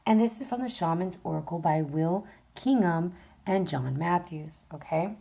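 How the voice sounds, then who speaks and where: Casting: woman tarot reader, voice gravelly and frayed from overuse, low and dark, chatty. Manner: chatty, direct address, many fillers. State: vocally exhausted, voice going in and out. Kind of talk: casual tarot reading.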